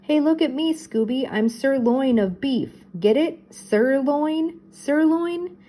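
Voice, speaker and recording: Shaggy, a woman putting on a goofy panicky teen boy. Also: slow. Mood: excited. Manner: high excited yelling.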